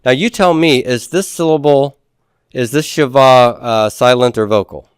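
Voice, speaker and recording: A man's voice: mid-range voice, unhurried, smooth, no room sound, studio quality. A man lecturing a class on Hebrew grammar, explaining step by step and asking questions that he then answers. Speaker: Biblical Hebrew teacher.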